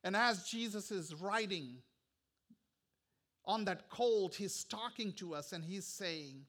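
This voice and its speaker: Male preacher, bright and clear, unhurried, repeats lines for weight, hushes at key points. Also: high-pitched, expressive. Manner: earnest, repetitive preaching with soft, hushed stretches. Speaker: pastor. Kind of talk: sermon.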